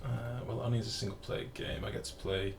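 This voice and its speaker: A man's voice: fairly low pitch, little pitch movement, fast talker, background noise. A man, streaming a game live and chatting casually while reading out chat messages and swearing freely.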